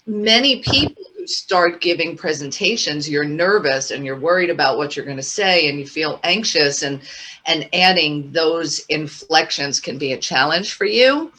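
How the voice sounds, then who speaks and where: A woman co-hosting an online training, sharing practical tips in an energetic, encouraging way. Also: low voice.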